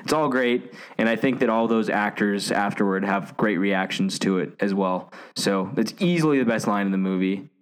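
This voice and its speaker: Low-voiced man gushing about a movie. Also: normal speed, few pauses, clean tone. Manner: enthusiastic, gushing, retells scenes. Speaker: podcast host. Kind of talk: casual movie discussion.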